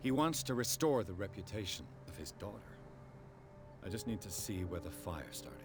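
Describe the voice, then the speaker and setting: An actor playing a level-headed male police investigator in a video game, speaking in a calm, persuasive way. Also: sits low, normal speed. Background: game music.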